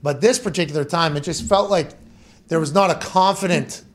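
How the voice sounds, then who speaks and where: A young man hosts a podcast, spinning animated stories in a loose, casual chat. He swears freely and often laughs mid-sentence, and his voice sits a little high for a man. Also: brisk. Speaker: podcast host.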